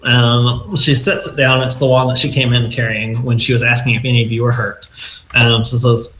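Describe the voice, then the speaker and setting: A man's voice: medium pitch, flat delivery, moderate pace, a bit bright. A man narrating as game master of a tabletop game, in a rambling way that often restarts mid-sentence. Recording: echoey room, faint noise.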